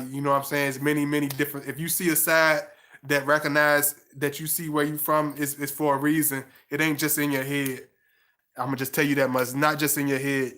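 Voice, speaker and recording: A man's voice: fairly high pitch, bright, forceful tone. A man hosting a livestream, talking loosely and affectionately to viewers with lots of slang and fillers. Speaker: livestream host. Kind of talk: casual chat to viewers.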